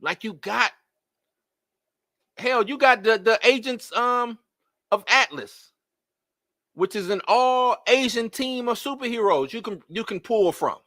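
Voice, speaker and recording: Live-stream host, man, bright high voice, exasperated rhetorical rant, dry close sound. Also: a little slow, long pauses, no echo. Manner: animated, rhetorical questions, exasperated. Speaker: host of a live movie-news show. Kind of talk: casual live-stream commentary.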